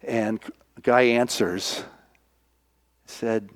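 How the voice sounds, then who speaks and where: A male minister preaching, retelling a film as an animated storyteller who acts out the voices. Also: medium pitch, very slow.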